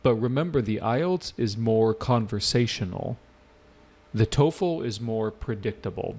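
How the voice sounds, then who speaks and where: A man's voice: fairly low pitch, a little mellow. A man teaching a live online exam-prep lesson with energy, repeating points and quizzing his students. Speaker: English test-prep teacher.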